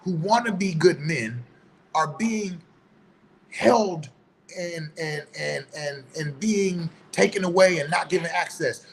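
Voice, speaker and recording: A man's voice: on the high side, lively intonation, slow pace, vocal fry, slight background noise, low-quality recording. Heated, preachy man with a slightly raised voice. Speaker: online commentator. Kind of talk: opinion monologue.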